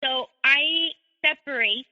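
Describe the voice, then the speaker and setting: Woman guest telling her story, high and really bright voice, lots of ums, echoey call sound. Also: muffled recording. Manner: measured, many ums and restarts. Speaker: interview guest. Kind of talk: personal storytelling.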